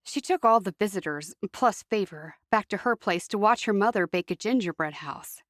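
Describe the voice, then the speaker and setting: A woman's voice: mid-range voice, expressive, normal speed, no room sound, clean studio sound, lightly acted. A woman voicing a peeved young Amish woman who answers in curt, sulky replies.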